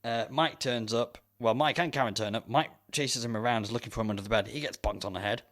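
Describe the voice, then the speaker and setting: A man's voice: medium pitch, fast, fairly bright tone. Jokey man recapping a film. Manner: jokey, laughs often, acts out lines in silly voices. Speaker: podcast co-host. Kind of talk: casual chat recapping a film.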